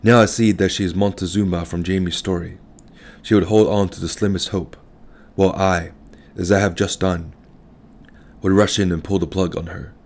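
Deep-voiced man reading fiction calmly. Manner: calm, measured and reflective. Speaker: audiobook narrator. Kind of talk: first-person literary narration.

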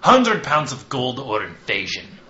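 A man's voice: medium pitch, huge pitch swings, a little slow, pushed and bright, pitched above the performer's own voice, full character voice. A man voicing a sneering, threatening envoy with a Russian-tinged accent. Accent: put-on Russian-sounding accent. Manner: threatening, contemptuous ultimatums. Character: arrogant, sexist foreign male envoy. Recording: echoey room, dull lo-fi sound, faint hiss.

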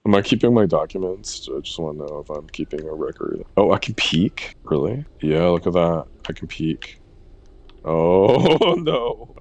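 Deep-voiced joking gaming streamer. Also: male voice, vocal fry, darkish tone. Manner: joking, profane, reads on-screen text aloud. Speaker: game streamer. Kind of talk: let's-play commentary.

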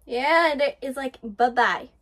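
A woman hosting an anime reaction, gushing and excitable as she comments live and swears freely. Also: sits high, unhurried.

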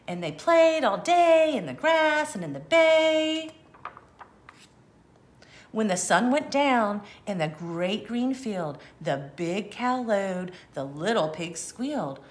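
Animated woman reading a picture book aloud. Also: medium pitch. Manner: gentle, animated, asks the listener to count along. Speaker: children's storyteller. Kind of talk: read-aloud for kids.

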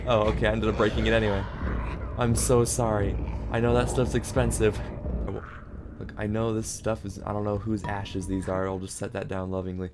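A man's voice: fairly low pitch, fairly even intonation, moderate pace, noisy background. A man commenting casually on a game as he plays, joking and talking to the character on screen. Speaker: gaming channel host. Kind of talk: casual let's-play commentary. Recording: game music playing behind.

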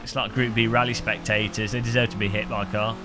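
A man streaming a racing game, joking and rambling with frequent laughs, a little hoarse after hours of talking. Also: fairly low pitch, level tone, fast, over music. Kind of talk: live-stream gaming commentary. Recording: game car engine noise behind.

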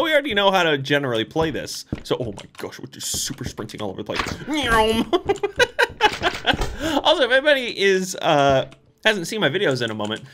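A woman streaming a video game, commentating excitedly with frequent laughs and frantic exclamations. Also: medium pitch, background noise. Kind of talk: let's play commentary. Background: game music.

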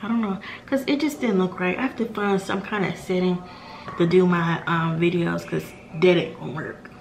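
A woman with a Southern American accent talking casually to her viewers in a home vlog, animated and full of "y'all" and "like.". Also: on the low side, moderate pace, gravelly, slight background noise. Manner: animated, addresses viewers as y'all, lots of likes. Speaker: vlogger.

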